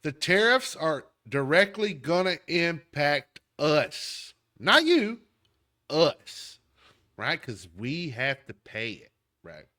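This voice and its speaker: Heated Southern man with a lively voice. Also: fairly high pitch, slow. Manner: emphatic, heated, talks straight at the listener. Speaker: podcast host. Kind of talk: political commentary rant.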